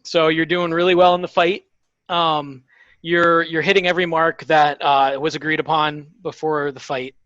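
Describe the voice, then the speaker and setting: A man narrating a tabletop game as game master, in a halting way with many fillers. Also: a little high, level tone, a bit bright, clean tone, no echo, dull audio.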